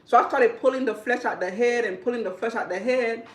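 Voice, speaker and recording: A woman who works as a hairdresser, telling a story in casual talk, animated and repetitive, often breaking into laughter. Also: fairly high pitch, fairly quick. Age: adult. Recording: roomy, from a distance.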